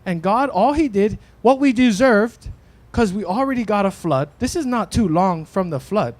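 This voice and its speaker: Here the pastor sounds high and expressive, speaking at normal speed with no echo. His casual sermon at a church in Hawaii is thought out loud, with restarts and a frequent "right?"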